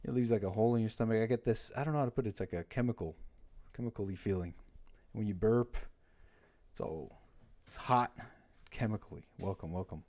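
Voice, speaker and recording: A man's voice: lowish voice, brisk, long pauses, a little mellow. A man hosting a livestream, chatting casually and rambling, often breaking off his own stories with jokes. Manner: rambling, self-interrupting, jokey. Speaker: livestream host.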